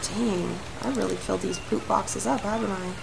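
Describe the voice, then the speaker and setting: A woman hosting a gaming channel, chatting to her game animals during solo gameplay and flaring into loud anger. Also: medium pitch, fairly even intonation, moderate pace, vocal fry, background noise.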